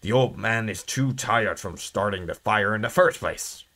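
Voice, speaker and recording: A man voicing a grumpy old male watchman who bosses a rookie around in a game, in a gruff, lecturing manner with a lower, quieter voice than his own. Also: moderate pace, close to an everyday voice. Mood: grumbling.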